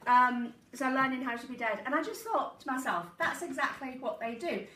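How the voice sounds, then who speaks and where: A woman's voice: sits high, moderate pace. A woman hosting a casual live stream as a psychic medium, chatty and jokey, at home. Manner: chatty, warm-hearted, jokey. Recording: roomy echo, voice a bit far from the mic, faint background hiss.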